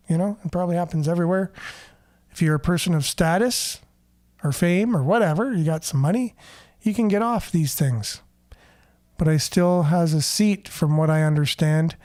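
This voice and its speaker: A man's voice: sits high, a little mellow, no echo, clean studio sound. A man hosting a radio morning show in a casual chatty way, greeting listeners and reading their comments aloud. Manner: chatty, upbeat, rambling. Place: radio studio.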